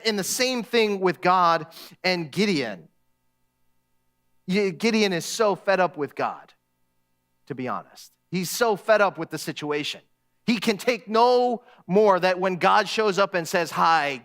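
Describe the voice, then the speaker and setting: Man, guest preacher, high voice, conversational, acts out quoted lines with humor. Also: expressive, measured pace, fairly bright tone. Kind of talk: sermon.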